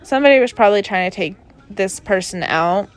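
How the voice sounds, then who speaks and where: A woman's voice: medium pitch, animated, fairly quick. A young woman hosting a casual solo podcast from her bedroom, rambling through stories with lots of fillers and asides. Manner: chatty, rambling with many fillers. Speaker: podcast host. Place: bedroom at her parents' home.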